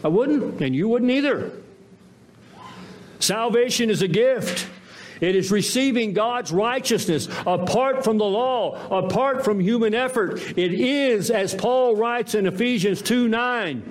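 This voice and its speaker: A man's voice: high-pitched, measured pace, a little hiss or hum. A man preaching a sermon as pastor, emphatic and full of rhetorical questions and repeated phrases.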